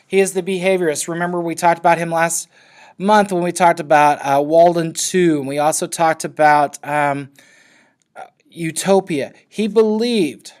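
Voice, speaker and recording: Speaking in a high-pitched voice with a darkish tone, this man gives his class a loose, conversational lecture. He keeps checking in with his students, frequently asking "okay?".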